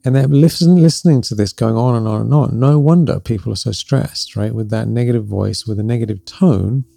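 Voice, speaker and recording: A middle-aged man hosting a spiritual podcast, gently and reflectively coaching listeners, often checking in with "right?" and laughing softly. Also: medium pitch, a little fast, gravelly, no room sound. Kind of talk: spiritual teaching talk.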